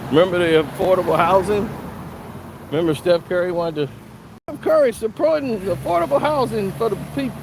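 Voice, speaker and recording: A man's voice: high-pitched, fairly quick, vocal fry, noisy background. A man who hosts his own channel, joking through a casual commentary, laughing often and slipping in slang. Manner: laughs often while talking, slangy, acts out voices. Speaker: vlogger.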